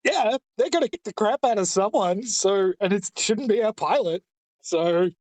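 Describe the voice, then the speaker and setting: A player at a tabletop role-playing session, talking bluntly and swearing freely between laughs. The voice sits at a middle pitch, recorded dry and close. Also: animated, normal speed, a little mellow, no echo. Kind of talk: casual tabletop game chat.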